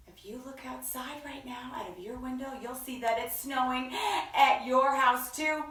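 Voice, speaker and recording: A woman hosting a children's story time, reading slowly in a playful sing-song and stretching out her words. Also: high-pitched, fairly bright tone, distant mic. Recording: echoey room, voice from off-mic.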